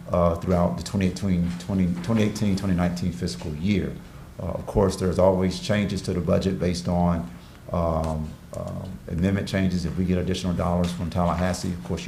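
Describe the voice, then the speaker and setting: A man, the city manager, presenting a budget at a city meeting in a measured, hesitant way with many fillers. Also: low voice, gravelly, a little mellow. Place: city commission chamber. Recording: echoey council chamber, faint noise.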